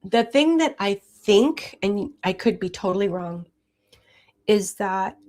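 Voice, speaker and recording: A woman in her sixties hosting a casual live chat, reading viewer comments aloud and answering them in a chatty way, with frequent fillers and soft laughs. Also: medium pitch, lively intonation, slow. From Hawaii. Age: 60s. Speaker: livestream host.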